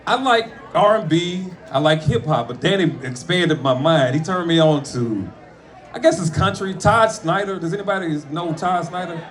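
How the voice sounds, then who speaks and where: A man, a comedian, speaking at a friend's memorial, mixing funny stories with tribute, animated and profane, with sudden shouts. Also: fairly high pitch, moderate pace, some chatter behind. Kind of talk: storytelling eulogy with jokes. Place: room with a gathered audience.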